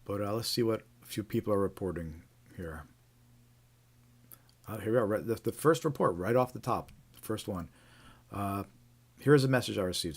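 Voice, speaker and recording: A man's voice: on the low side, a little fast, breathy edge. A man hosting a live stream, casually reading out reports with frequent fillers and restarts. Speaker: host.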